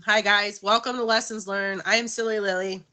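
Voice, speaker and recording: A woman with a bright, clear, forward tone hosts a casual livestream. She rambles in a chatty, self-conscious way and speaks directly to her viewers. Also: medium pitch, fairly even intonation, moderate pace. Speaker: livestream host.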